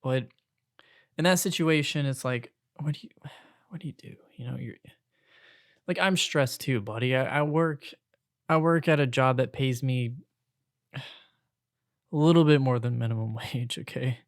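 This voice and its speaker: A young man hosting his own podcast, ranting casually about retail work and college. He swings between loud outbursts and hushed asides. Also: medium pitch, fairly even intonation, normal speed, long pauses, dry recording, clean studio sound. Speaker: podcast host.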